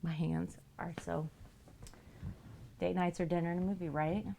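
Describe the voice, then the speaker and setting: Over slight background noise, a woman with a gravelly, mellow voice speaks at normal speed and flatly. She chats casually with her stream audience, laughing and reading their messages, and goes high and sing-song talking to her cats.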